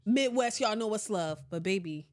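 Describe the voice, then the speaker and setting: A young woman hosting a casual podcast, playful and animated, laughing often as she reads live comments. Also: medium pitch, normal speed. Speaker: podcast host.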